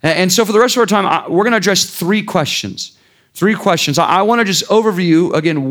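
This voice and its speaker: A man preaching a sermon in an informal, conversational way, with sarcastic asides and frequent restarts. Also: fairly high pitch. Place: church.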